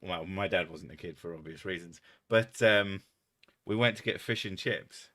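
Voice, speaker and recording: A man with a southern English accent chats loosely on his livestream, swearing freely and laughing between rambling stories. His voice sits low, with a bright, forceful edge to it. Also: moderate pace. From England. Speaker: streamer. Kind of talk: casual livestream chat.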